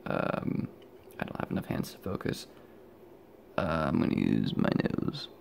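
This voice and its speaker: Sleepy and yawning, a young electronics vlogger meanders through a casual show-and-tell of his build, frequently breaking off his own thoughts. His voice is a rumbling low, gravelly and sing-song, delivered unhurriedly. The home handheld-camera recording carries a slight hiss or hum.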